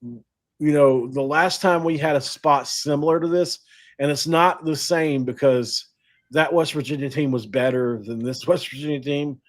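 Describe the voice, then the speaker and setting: A man's voice: fairly high pitch, fairly even intonation, moderate pace. Chatty sports podcast host, a man. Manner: chatty, rambling, self-deprecating, laughs often. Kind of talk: casual sports podcast talk.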